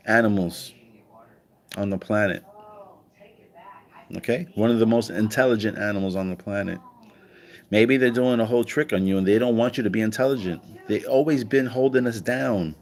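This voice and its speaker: A man giving a casual livestream monologue, animated and profane, firing off rhetorical questions and acting out quoted voices. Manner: acts out quoted voices with higher pitch. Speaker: online commentator.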